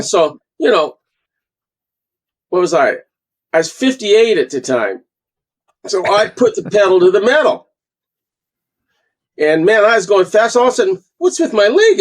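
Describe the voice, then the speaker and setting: A man in his sixties from Canada, a guest falconer telling animated stories in a casual interview and acting out the quotes. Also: high-pitched. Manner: animated storyteller, acts out quotes.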